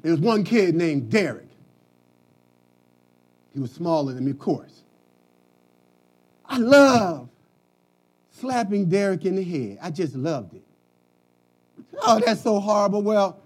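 A middle-aged man from Philadelphia preaching a sermon, building to shouted emphasis. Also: sits high, lively intonation, measured pace, pauses often.

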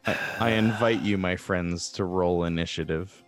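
Low-voiced man running a tabletop game. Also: normal speed, soft background music. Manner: loose and rambling, many fillers. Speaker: game master.

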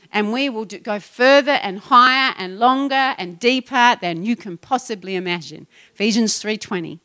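A middle-aged woman pastor preaching a passionate, rising sermon to her congregation. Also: high-pitched. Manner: passionate, building to excited exhortation.

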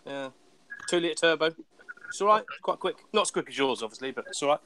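A man's voice: fairly high pitch, animated, quick pace, sharp tone. A British man chatting crudely in a casual panel, rambling with many fillers. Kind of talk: casual group banter.

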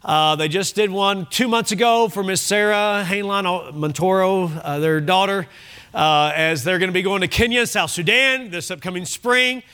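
Bright high-voiced man preaching. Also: normal speed, clear, resonant tone. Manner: emphatic, repeats key phrases. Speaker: pastor. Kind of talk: sermon.

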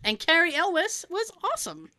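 Woman, podcast co-host, casual movie chat, laughs and swears, lively swings in pitch, bright. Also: normal speed, no room sound.

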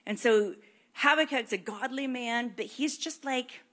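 A woman's voice: fairly high pitch, unhurried, fairly bright tone. A woman preaching a sermon in a casual, earnest way, reading scripture aloud and talking it through with many fillers.

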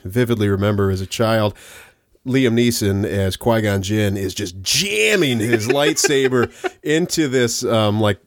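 A man's voice: mid-range voice, no echo, studio quality. A man casually recapping a film on a podcast, laughing and acting out quoted lines as he goes. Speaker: podcast co-host. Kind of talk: casual movie recap chat.

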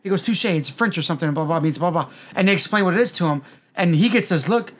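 Brief: man, high voice, animated profane storyteller, casual podcast chat. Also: fast talker. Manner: animated, profane, acts out movie lines.

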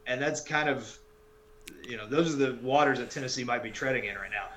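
A man's voice: medium pitch, a little fast, fairly bright tone, reverberant, rough recording. A man co-hosting a podcast, talking casual sports in a rambling, wry way and often correcting himself mid-sentence. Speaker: podcast co-host.

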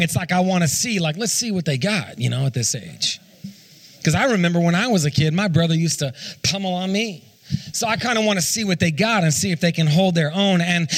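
His voice sits high with a fairly bright tone. This pastor, a man in his thirties, delivers a sermon in which he often trips over and repeats words while questioning the congregation.

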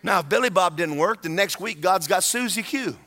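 A man preaches a sermon in a high, bright voice. He is animated, swings his pitch widely, acts out voices and rises to shouts at the peaks. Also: moderate pace.

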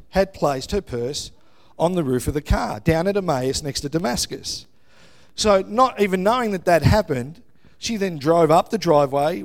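Brief: middle-aged Australian male pastor, slightly higher voice, animated storyteller, checks in with "yeah?". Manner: animated storytelling, exclamations, frequent "yeah?" tags. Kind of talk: sermon.

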